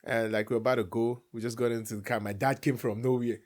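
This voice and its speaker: A man's voice: medium pitch, fast. A young man from Nigeria with a Nigerian accent, a guest telling a family story in casual chat and acting out the voices of his relatives. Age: young adult. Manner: animated storyteller, acts out family dialogue with laughs.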